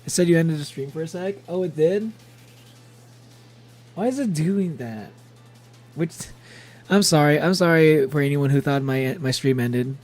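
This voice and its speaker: A man's voice: fairly high pitch, measured pace, long pauses, a little mellow. A young adult man chatting casually as a game streamer, rambling and laughing often, with faint music behind. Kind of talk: casual gameplay streaming chat.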